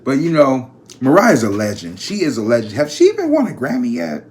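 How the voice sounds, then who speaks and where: A man hosting a casual gossip vlog, chatty and slangy, talking straight to his viewers with animated jumps in pitch. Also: fairly quick. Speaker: psychic channel host.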